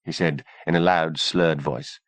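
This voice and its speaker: A man narrating an audiobook in a steady, measured reading voice. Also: rumbling low, no room sound.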